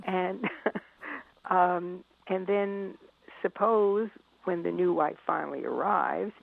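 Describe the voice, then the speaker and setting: A middle-aged woman with a gravelly, husky voice tells stories animatedly. She acts out scenes and laughs often. Her voice comes through a dry, tinny phone-like line. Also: on the low side, extremely slow, no room sound. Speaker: author and parenting expert. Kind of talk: storytelling in a conversation.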